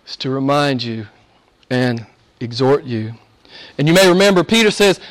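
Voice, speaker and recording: A man's voice: a little high, animated, normal speed. A middle-aged man preaching a sermon, rising and falling emphatically as he exhorts his listeners.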